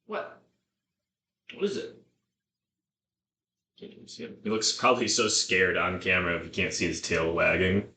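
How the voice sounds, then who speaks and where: A man's voice: deep voice, fairly even intonation, quick pace, few pauses, bright, forceful tone. A man live-streaming as he cooks in his home kitchen, drinking beer, rambling with lots of swearing and chatting to his dog. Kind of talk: casual live-stream chat while cooking. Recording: roomy kitchen, mic from afar.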